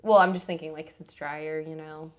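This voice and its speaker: A woman co-hosting a painting stream, talking in a slow, hushed library voice and reading out viewer comments. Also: low voice, fairly even intonation. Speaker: co-host, reads viewer comments. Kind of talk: casual chat.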